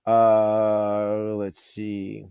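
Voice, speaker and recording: A young man hosting a casual sports podcast from home, excited and rambling, full of fillers and restarts, holding his voice down. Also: lowish voice, drawn-out words, creaky, clear, resonant tone, no room sound, clean studio sound. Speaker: podcast host. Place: home room, keeping voice down for sleeping roommates.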